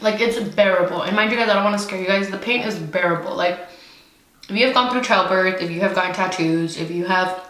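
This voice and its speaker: A woman's voice: on the low side, fairly quick, fairly bright tone, reverberant. A woman from California talking frankly in a casual mukbang chat, full of fillers. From California, USA. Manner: chatty, frank, many fillers. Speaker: beauty vlogger.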